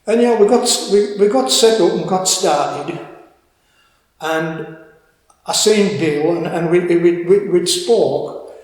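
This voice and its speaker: An older man with a Cumbrian accent telling a story in an interview, halting and repeating words as he goes. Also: high voice, a little mellow. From Cumbria, England. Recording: echoey room with long reverb.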